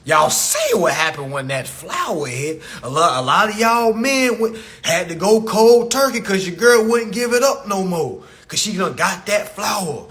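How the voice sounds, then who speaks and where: Animated man ranting on a live stream. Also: high voice, normal speed, hardly any pauses. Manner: animated, addresses viewers as y'all, acts out others. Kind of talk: casual live-stream rant. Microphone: phone.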